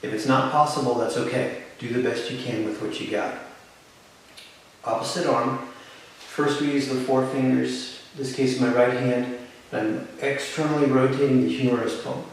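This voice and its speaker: A man teaching a live yoga class, giving calm, encouraging step-by-step cues. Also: medium pitch, moderate pace, distant mic. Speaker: yoga instructor. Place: yoga studio. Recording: very echoey room, voice from off-mic, faint hiss.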